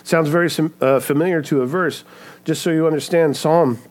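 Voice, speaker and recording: A man's voice: on the high side, fairly even intonation, fairly quick. A man preaching a sermon in an earnest way, often checking in with "right?". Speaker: pastor.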